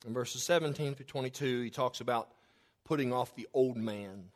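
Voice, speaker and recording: A man pastor preaching a sermon in a church, shifting between loud exclamations and soft asides as he tells stories. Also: mid-range voice, moderate pace. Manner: storytelling, swings from loud to soft.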